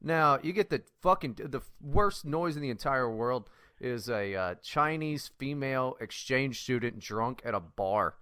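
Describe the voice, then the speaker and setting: Animated, bright-voiced male podcast host. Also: mid-range voice, unhurried, smooth, no room sound, clean studio sound. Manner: animated, crude, mocking. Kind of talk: casual podcast chat.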